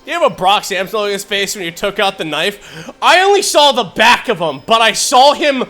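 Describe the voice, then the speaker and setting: A young man streaming live, telling funny family stories in casual chat. He is animated, laughs a lot and swears freely. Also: sits high, brisk, faint music behind. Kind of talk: casual storytelling while gaming.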